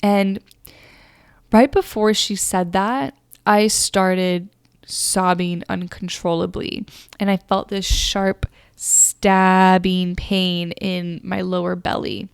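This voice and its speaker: A woman's voice: fairly low pitch, level tone, slow, creaky, smooth, no room sound, studio quality. A young woman hosting a podcast, telling a personal story in a rambling, earnest way, full of fillers. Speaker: podcast host. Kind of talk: casual storytelling monologue.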